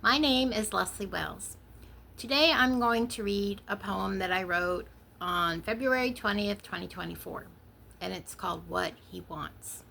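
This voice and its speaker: A middle-aged woman hosting her own show, reading her poem softly and then explaining it in a casual chat. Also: mid-range voice, unhurried, vocal fry, a little hiss or hum. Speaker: podcast host and poet.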